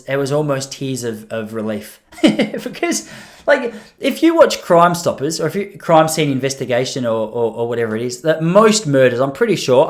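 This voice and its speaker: A man, hosting a podcast and telling a long anecdote in a casual, self-mocking way, often restarting his sentences. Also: mid-range voice. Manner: animated, self-mocking storyteller, rambling with frequent restarts. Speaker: podcast host. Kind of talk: casual storytelling monologue.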